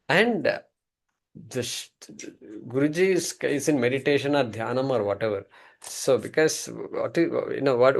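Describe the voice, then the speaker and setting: A man teaching a scripture class through an animated, repetitive story. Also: mid-range voice, gravelly.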